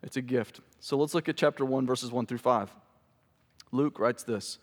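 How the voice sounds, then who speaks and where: A man's voice: mid-range voice, moderate pace. A man pastor giving a sermon in a church, casual and joking with the congregation. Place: church sanctuary. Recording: hall reverb.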